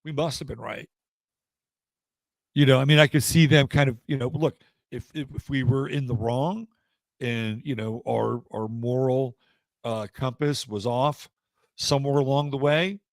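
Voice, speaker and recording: A man's voice: medium pitch, steady tone, normal speed, no echo, clean studio sound. A man commenting on sports through astrology in casual talk-show debate, rambling and blunt with frequent hesitations. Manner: rambling, hesitant with many fillers and restarts, blunt.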